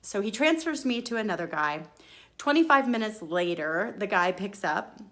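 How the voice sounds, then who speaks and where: Woman hosting her own show, casual story chat, super expressive, acts out what she said. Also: medium pitch, normal speed. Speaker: podcast host.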